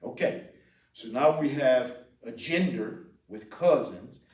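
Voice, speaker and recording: A man's voice: medium pitch, takes it slowly, a little mellow. A man with a Louisiana accent teaching Cajun French vocabulary, patiently repeating each word. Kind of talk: slow spoken language lesson. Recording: roomy echo, distant mic.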